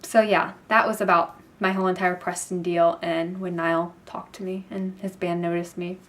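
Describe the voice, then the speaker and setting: A young woman vlogging, telling a story in a gushing, excited way with lots of fillers. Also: lowish voice, normal speed, noisy background. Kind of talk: casual storytelling to camera.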